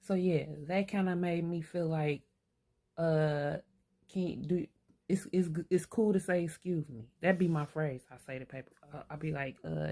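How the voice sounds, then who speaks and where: Straight to the camera, this older woman thinks out loud at normal speed, her low voice deep and dark. Her self-reflective talk is unscripted and frank, laced with swearing, blunt street sense, and the odd remark to herself.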